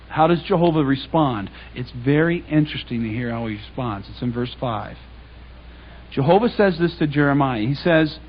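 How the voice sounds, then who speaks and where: A man giving a public Bible talk, reading scripture and then paraphrasing it in lively everyday speech. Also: a little high, normal speed, slightly rough, muffled recording. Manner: conversational, animated, reads scripture aloud and paraphrases it in casual speech. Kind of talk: sermon. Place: congregation hall.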